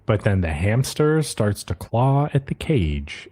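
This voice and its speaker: A man co-hosting a podcast, casually recapping an anime episode and retelling scenes with quick quoted asides. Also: lowish voice, very animated, darkish tone. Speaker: podcast co-host.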